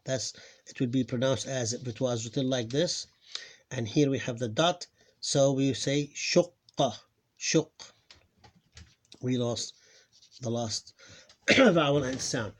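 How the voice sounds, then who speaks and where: Give me a hoarse man teaching a lesson, halting and repetitive, with an ordinary mid-pitched voice. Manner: halting, repeats words, drills sounds slowly. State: losing his voice, clears throat. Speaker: Arabic teacher. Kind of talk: live online lesson.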